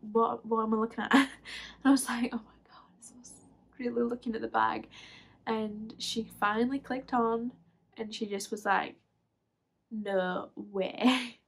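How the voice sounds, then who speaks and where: A woman in her twenties from England tells a personal story straight to camera. Her voice sits a little high and has a gravelly, creaky edge. She talks in a chatty, halting way, with lots of fillers and small laughs. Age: 20s. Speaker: vlogger.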